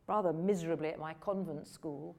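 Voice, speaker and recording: An older woman from England, an actress telling lively, self-deprecating stories about her career at a question-and-answer session. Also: low-pitched, fairly quick, vocal fry. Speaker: actress guest at a film Q&A. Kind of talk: anecdotal Q&A storytelling.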